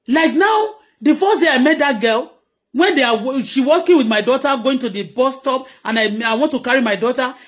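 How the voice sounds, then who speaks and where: A middle-aged Nigerian woman vlogger, delivering a heated, preachy live-streamed rant that scolds her critics. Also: high voice.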